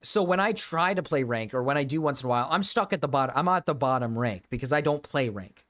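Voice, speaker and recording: A man's voice: mid-range voice, expressive, fast, a bit bright. A young man streaming, chatting casually to his viewers, rambling and swearing with frequent restarts.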